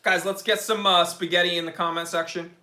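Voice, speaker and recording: A man hosting a watch channel livestream, reading viewer comments aloud and answering in a joking, excitable way. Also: sits high, a little fast. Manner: excitable, joking, talks to chat as bro. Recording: roomy echo.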